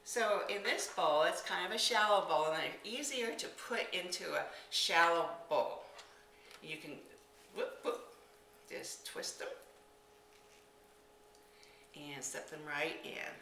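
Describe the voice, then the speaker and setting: A bright, chatty woman walks through a craft demo, exclaiming as she works. Her voice sits a little low and comes from slightly off-mic in an echoey room. Faint clinks of glassware sound behind her. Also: expressive, takes it slowly, long pauses, far from the mic, a little hiss or hum. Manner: chatty, enthusiastic, exclaims while working. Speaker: craft demonstrator. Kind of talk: casual product demonstration. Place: indoor room.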